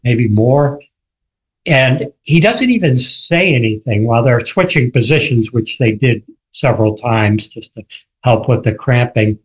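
A man who wrote the book, a guest on a radio interview, telling the story vividly and acting out quoted shouts. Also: medium pitch, animated, a little slow, husky, poor audio.

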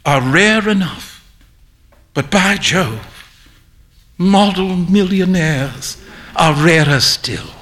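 An actor playing a boisterous, jovial man-about-town painter who shouts and laughs as he teases his friend. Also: sits high, lively intonation, takes it slowly, long pauses, slight background noise, full character voice. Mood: amused. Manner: loud, laughing, teasing.

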